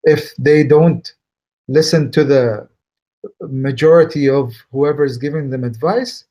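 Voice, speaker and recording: A man on a panel giving a steady, explanatory answer. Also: fairly high pitch, a little slow. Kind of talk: panel discussion.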